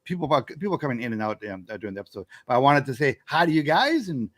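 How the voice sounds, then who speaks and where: A man co-hosting a casual livestream, talking haltingly with many fillers. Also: mid-range voice, very animated, a bit bright. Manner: halting, full of uh and um. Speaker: co-host.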